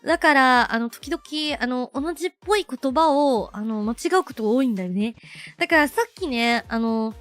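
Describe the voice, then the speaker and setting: A woman livestreamer in casual chat, bubbly and animated, with many fillers, switching between English and Japanese. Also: high voice, fast. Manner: bubbly, animated, self-deprecating.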